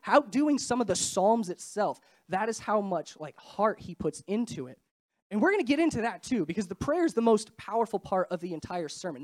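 A young woman giving a casual, chatty sermon, a bit stuffy and nasal from a cold, with quick self-deprecating asides. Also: medium pitch, a little mellow. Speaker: preacher.

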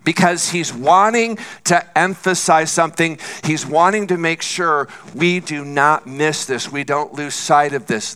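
Man, pastor, sermon, unhurried, bright tone, earnest. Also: a little high, clear, resonant tone. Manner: earnest, repeats for emphasis.

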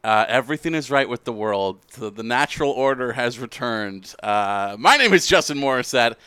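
A Canadian man hosting a sports podcast, with a bright, crisp voice pitched a little high. He delivers an upbeat, announcer-style welcome and then settles into casual banter. The sound is dry and close. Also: expressive, moderate pace, no echo. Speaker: podcast host.

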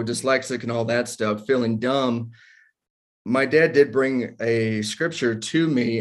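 A man in his forties hosting a casual faith discussion, talking candidly and self-deprecatingly about his own struggles. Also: medium pitch. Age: 40s.

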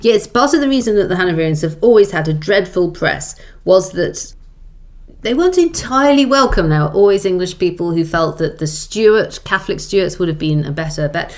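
A middle-aged woman with a notably low voice, telling history as a guest in an interview. She is wry and lively, and she acts out the quoted lines as she tells them. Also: fairly quick. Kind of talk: animated storytelling interview.

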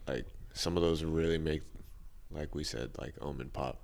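A man's voice: rumbling low, steady tone, normal speed, creaky, a little mellow, a little hiss or hum. A young man in casual chat, hesitant and thoughtful, using lots of fillers.

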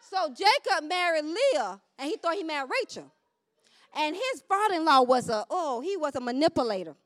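Fervent high-voiced woman preacher. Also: no room sound, clean studio sound. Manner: fervent, call-and-response preaching with swings from shouts to near-murmurs. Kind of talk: sermon.

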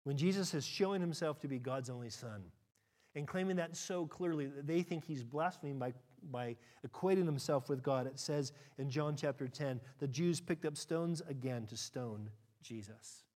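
A middle-aged man preaching a sermon, acting out quotes with big leaps in pitch and moving between quick and slow delivery. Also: a little mellow. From United States. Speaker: pastor.

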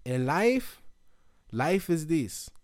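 A man voicing a solemn male martial arts master with a put-on Brazilian accent, speaking in slow, emphatic, proverb-like phrases. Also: on the high side, very animated, no room sound, studio quality, voice pushed up, exaggerated voice.

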